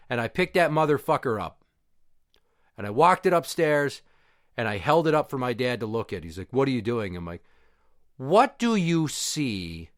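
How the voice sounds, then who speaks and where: A man's voice: medium pitch, fairly bright tone, no room sound, studio quality. A middle-aged man, hosting a podcast and telling a personal story in a blunt, profane, heated way. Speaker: podcast host.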